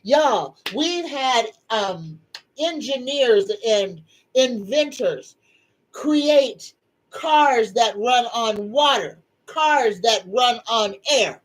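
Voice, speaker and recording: Speaking very slowly with lively intonation, a middle-aged woman with a voice on the high side hosts a casual psychic livestream. The recording quality is low. Soft-spoken and tearful, she still delivers her chat in an emphatic, folksy, preachy way.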